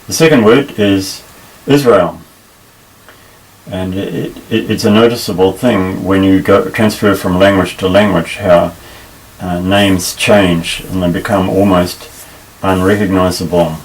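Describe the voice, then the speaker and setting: Slow, deep-voiced male Hebrew teacher. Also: fairly even intonation, far from the mic, rough recording. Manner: unhurried, halting, with frequent fillers and restarts. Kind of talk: recorded language lesson.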